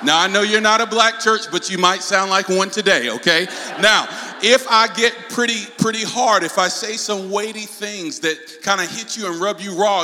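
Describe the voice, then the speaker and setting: Southern male preacher, high bright tone, roomy hall, call-and-response delivery. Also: normal speed. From North Carolina, US South. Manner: call-and-response, occasional shouts. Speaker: guest preacher. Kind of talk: preaching talk. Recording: hall reverb.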